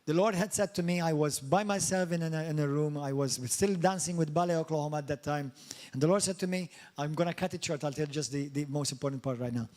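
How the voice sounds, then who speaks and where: A middle-aged male pastor from Malta, preaching a lively sermon in a church and often questioning his congregation or slipping into mocking high voices. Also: fast. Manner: animated, swings into high mock voices and asks the congregation questions. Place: church hall.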